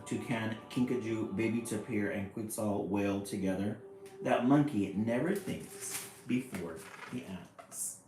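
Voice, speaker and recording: Lower-voiced man reading a picture book. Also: measured pace. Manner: lively, chatty asides about the pictures. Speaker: storybook reader. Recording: echoey room, faint music.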